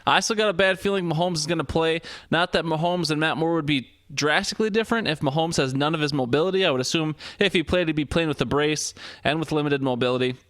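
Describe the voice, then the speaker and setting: A man's voice: a little high, fast talker, hardly any pauses, fairly bright tone, no room sound. A man co-hosting a casual sports podcast, rambling through game recaps with lots of fillers and the odd joke. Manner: rambling, filler-heavy, joking. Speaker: podcast co-host.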